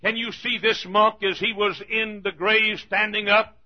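High-voiced preacher man shouting his sermon. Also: flat delivery, unhurried, dull audio. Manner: repetitive, rising to shouts. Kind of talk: fiery sermon. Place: church.

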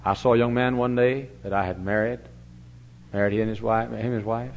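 Older man, pastor preaching a sermon, low-pitched voice, storytelling from loud to hushed, dull lo-fi church recording, faint hum behind. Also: steady tone, brisk, vocal fry. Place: church sanctuary.

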